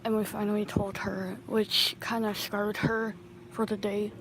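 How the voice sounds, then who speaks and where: A woman casually recounting a personal story into her phone, halting and restarting often. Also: mid-range voice, flat delivery, fairly bright tone, slight background noise, low-quality recording. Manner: halting, with many restarts and pauses. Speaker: storytime vlogger.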